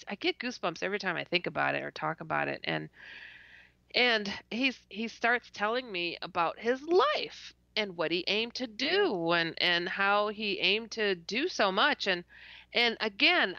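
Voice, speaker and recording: Heard over dull lo-fi call audio, this woman is a podcast guest sharing a lively, casual story during an interview. Her voice sits at medium pitch with a sing-song lilt and a measured pace, creaky yet pushed and bright, with no room sound. She laughs a lot, stutters, and plays out her own reactions.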